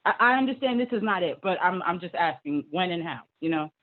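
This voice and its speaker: A woman's voice: on the low side, animated, quick pace. A woman speaking as a parent at a school board meeting, hesitant, with many fillers. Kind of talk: public comment on a call. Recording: tinny phone-like call audio.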